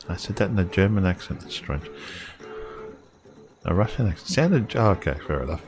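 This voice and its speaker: A man's voice: low-pitched, lively intonation, moderate pace, pauses often. A man thinking aloud in casual, rambling commentary as he plays a game. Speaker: gamer streaming his play. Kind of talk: casual let's-play commentary. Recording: clear guitar music behind the voice.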